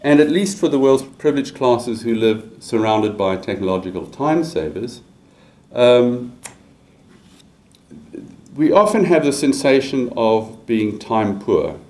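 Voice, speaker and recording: A man giving an academic lecture, measured, with frequent fillers and repeated restarts. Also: medium pitch, animated, darkish tone, rough recording. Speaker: university lecturer.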